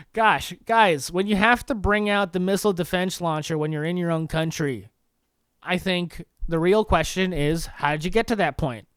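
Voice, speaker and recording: A man's voice: sits high, measured pace, a bit bright, clean tone, no echo, clean studio sound. A young man hosting a comedy podcast alone, riffing sarcastically in mock-pleading bits and laughing at his own jokes. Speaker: podcast host. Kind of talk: solo comedy monologue.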